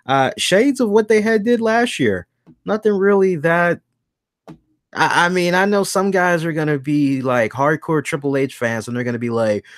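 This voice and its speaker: A man hosting a wrestling review show in a casual chat, animated and acting out the voices he quotes. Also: a little high, normal speed, no room sound, studio quality.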